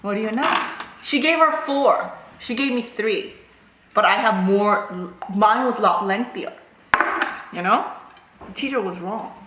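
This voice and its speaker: A woman's voice: medium pitch, unhurried, long pauses, noisy background. Chatty woman in an echoey room. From South Korea. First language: Korean. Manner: chatty, animated, full of "like" and "right?". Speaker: food vlogger. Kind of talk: casual storytelling.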